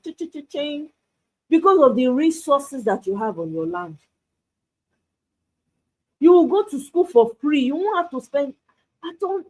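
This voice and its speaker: A woman with a Nigerian accent hosting a live stream, talking in an animated, rhetorical way and asking "why" again and again. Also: a little high, husky, poor audio. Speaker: host.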